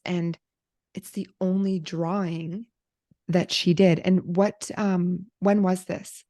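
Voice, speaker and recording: Animated and quoting herself, a woman podcast host shares an emotional personal story with viewers and swears a bit. She speaks with a lowish voice, a little slowly.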